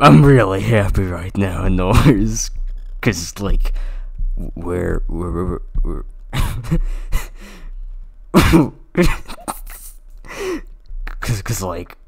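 A man's voice: mid-range voice, vocal fry, darkish tone. A man voicing a lovesick male gunslinger who stammers and pleads in a raised, whiny voice, giggling through it. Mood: giddy.

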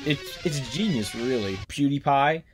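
A man ranting casually for laughs as a video host, rambling with sudden loud outbursts. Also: medium pitch, animated, a little slow, over music. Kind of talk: casual comedic rant.

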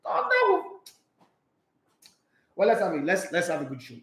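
Nigerian guy ranting about football, high voice, echoey room, gets loud and laughs a lot. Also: rapid-fire. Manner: excitable, laughing, mixes in pidgin. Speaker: sports show host. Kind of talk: animated sports talk monologue.

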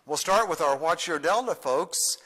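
An older man leads his congregation as their pastor, folksy and playful, with a bright, forceful voice pitched a little high. His words ring in a long church reverb, with soft guitar behind him. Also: expressive, normal speed, husky. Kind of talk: children's song and church announcements.

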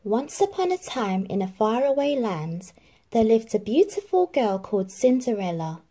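A woman reading a children's storybook aloud in an expressive, gentle storytelling manner. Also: medium pitch, normal speed. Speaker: storybook reader. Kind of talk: children's book read-aloud.

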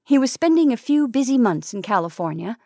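A woman from the San Francisco Bay Area reading vintage short stories aloud in a measured storytelling manner, lightly voicing the dialogue. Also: a little high, very animated, vocal fry, mellow, no room sound, studio quality. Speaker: narrator.

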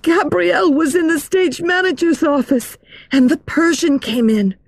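A woman reading aloud and voicing an excitable, frightened young ballet girl telling a story eagerly. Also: high-pitched, measured pace, no room sound, pitched above the performer's own voice. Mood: insistent.

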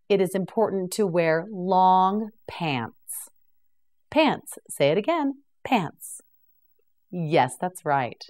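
A woman teaching English vocabulary, saying each word several times and patiently prompting the learner to repeat it. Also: on the low side. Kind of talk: slow, clear pronunciation drill.

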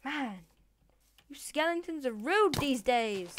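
A woman's voice: high voice, sing-song, a little slow, background noise. A woman giving casual Minecraft gameplay commentary, chatting to the mobs and villagers and swearing playfully as she goes. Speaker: Minecraft let's player.

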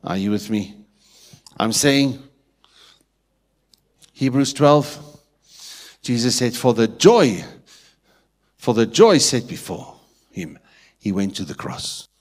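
A man with a South African Afrikaans-tinged accent preaching a sermon in church, swinging from hushed asides to loud emphatic lines and often asking if the congregation is with him. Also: medium pitch, big pitch swings, takes it slowly, pauses often. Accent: South African English, Afrikaans-influenced. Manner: keeps checking in with the congregation. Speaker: pastor.

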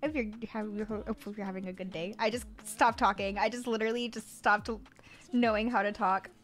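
Speaking at a normal speed with a medium-pitched voice and fairly even intonation, a young woman from the Florida Panhandle, USA, talks casually to her live-stream viewers. Her talk is rambling, full of fillers and stumbles, over faint background music.

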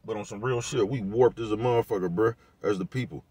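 A man's voice: on the low side, fast talker, dark tone, breathy edge, dry recording. Laid-back man ranting in slang. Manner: laid-back, repetitive, peppered with slang and profanity. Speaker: vlogger giving commentary. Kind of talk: casual rant to camera.

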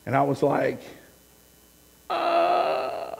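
A fairly high-pitched male pastor preaches in a storytelling way, swinging between loud outbursts and hushed asides. His voice rings out with a long reverb from the church sanctuary. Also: normal speed. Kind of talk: sermon.

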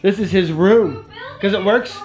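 A man and father hosting a casual family home-tour vlog, excitable and full of exclamations as he talks to his kids and viewers. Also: high-pitched, unhurried. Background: background music.

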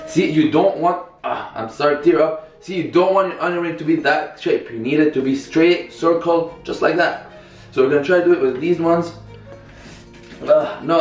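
A young man talks casually through a recipe, upbeat and chatty as he works, with a fairly high voice. He is recorded in a home kitchen on a camera someone else holds, with a roomy echo. Clear background music plays under him. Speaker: cooking vlogger. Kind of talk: casual cooking tutorial. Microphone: camera held by another person. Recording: echoey room with music behind.

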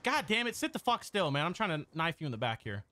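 A young man commentating his own online match live, his voice high and bouncing all over its range. He swears and trash-talks with excitable energy. Faint game gunfire sits underneath. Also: fast, a little hiss or hum. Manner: excitable, profane trash talk to chat. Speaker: gaming streamer. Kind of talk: live-stream gameplay commentary.

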